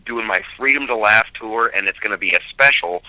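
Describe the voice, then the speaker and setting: Comedian guy on the phone, very bright edgy voice, lots of i-i restarts. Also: fairly low pitch, fairly quick, dry recording, low-quality recording. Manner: animated, stammering restarts. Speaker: stand-up comedian, guest. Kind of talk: casual radio interview. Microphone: phone call.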